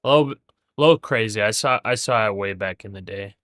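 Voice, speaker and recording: A man's voice: on the low side, fast talker, fairly bright tone, dry recording, soft background music. A man hosting a live day trading stream, chatting casually and thinking aloud with fillers and restarts. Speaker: day trading livestream host.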